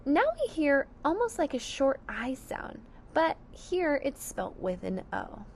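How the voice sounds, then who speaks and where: A woman's voice: sits high, sing-song, a little slow, slight background noise. A woman teaching a phonics lesson to young children, sounding out each word syllable by syllable with careful enunciation.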